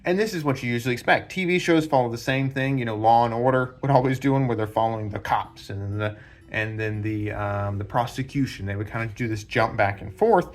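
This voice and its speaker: A man's voice: medium pitch, brisk. A man hosting a book channel, casually explaining story structure while drawing diagrams, rambling with many fillers and restarts. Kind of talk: casual explanatory talk at a whiteboard.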